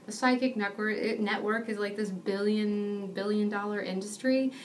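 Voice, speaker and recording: A woman's voice: mid-range voice, fairly even intonation, normal speed, distant mic, a little hiss or hum. A young woman giving a personal testimony, telling the story in an earnest, self-deprecating way.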